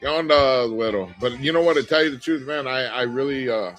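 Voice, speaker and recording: A man's voice: mid-range voice, a little fast, a bit bright, soft background music, low-quality recording. A middle-aged man hosting a casual livestream, reading viewer comments aloud and talking candidly, rambling with fillers and restarts. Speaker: livestream host.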